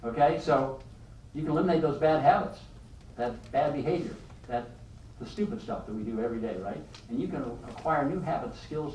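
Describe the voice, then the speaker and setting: An older man giving a motivational leadership talk to a live audience, an animated storyteller who keeps asking the room questions. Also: on the high side, echoey room, recorded from a distance, a little hiss or hum, rough recording. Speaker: leadership speaker.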